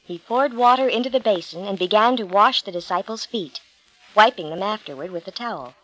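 A woman narrating a Bible story for a storybook reading, steady and clear. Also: mid-range voice, a little fast, soft background music, poor audio.

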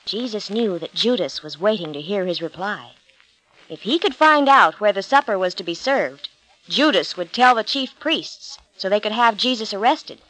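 A woman narrating a Bible story for a storybook reading, steady and clear. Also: medium pitch, normal speed, poor audio.

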